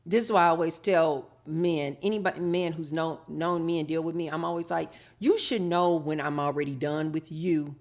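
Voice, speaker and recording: Woman host, 30s, animated monologue that acts out both sides of a conversation, low-ish voice. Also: normal speed, hardly any pauses. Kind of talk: live talk show monologue.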